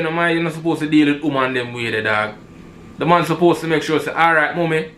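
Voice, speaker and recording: A man's voice: mid-range voice, fairly bright tone, a little hiss or hum. A man with a Jamaican accent, giving heated commentary in patois and repeating himself for emphasis. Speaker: commentator reacting to robbery footage.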